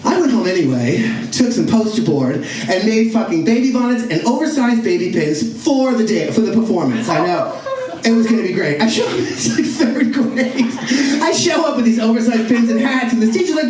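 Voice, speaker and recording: A man's voice: high-pitched, moderate pace, a crowd in the background. A man from Staten Island telling a comic story live on stage, acting out the other people in it. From Staten Island, New York. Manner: animated, acts out other people's voices. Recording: echoey hall, recorded from far off, audience. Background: audience laughter.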